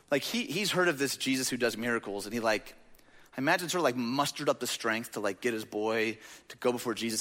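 A man's voice: mid-range voice, bright, forceful tone. A man preaching a sermon in a conversational way, asking the audience questions and often saying "like". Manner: conversational, rhetorical questions, frequent "like". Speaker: pastor. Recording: reverberant hall.

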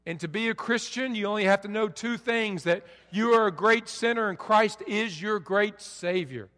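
A middle-aged male pastor preaching a sermon, swinging from soft pleading lows to loud forceful peaks. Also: moderate pace. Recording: long reverb of a large hall.

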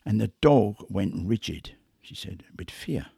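Gravelly-voiced man telling animal stories. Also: lowish voice, unhurried, no echo, clean studio sound. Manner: animated, acts out quotes and sounds. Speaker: big cat investigator. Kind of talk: conversational storytelling.

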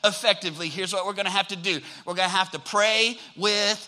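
High, bright-voiced male pastor preaching. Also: brisk, rough recording. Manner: energetic, engages the congregation with call-and-response. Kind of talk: sermon.

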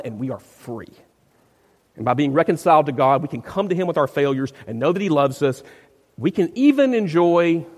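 A man's voice: mid-range voice, a little mellow. Man preaching a sermon in a reverberant hall. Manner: emphatic, repeats words when searching for phrasing. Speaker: pastor.

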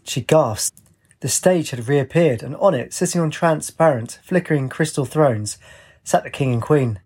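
A man reading a fantasy audiobook in a measured, descriptive way. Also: fairly high pitch, a little mellow, slightly rough. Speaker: narrator. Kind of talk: audiobook narration.

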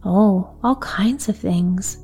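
A woman reading aloud, voicing a sweet, gentle little girl in an earnest, slightly lifted voice. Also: medium pitch, slow pace, slightly rough, soft background music.

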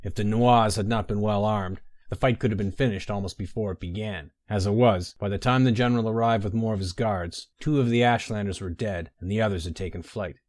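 A man narrating a fantasy story in a measured, even storytelling manner. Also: on the low side, dry recording, studio quality.

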